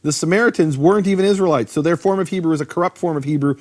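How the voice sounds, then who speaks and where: A man teaching in a conversational lecture about biblical names, animated, posing rhetorical questions and often restarting his sentences. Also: fairly high pitch, very fast. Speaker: Bible teacher explaining Hebrew names.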